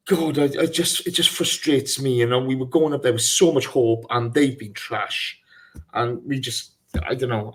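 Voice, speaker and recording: A man hosting a live podcast, talking in an animated, frustrated way with stumbling restarts. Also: mid-range voice. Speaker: podcast host. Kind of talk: casual live podcast chat.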